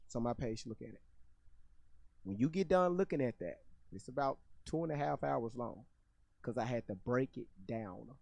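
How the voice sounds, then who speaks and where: A man with a middle-pitched voice hosts his own channel and comments on a clip. He sounds incredulous, repeats himself and swears freely, and the recording is close and dry. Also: expressive, moderate pace, creaky, darkish tone, dry recording. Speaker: channel host reacting to clips. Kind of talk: casual commentary on a video clip.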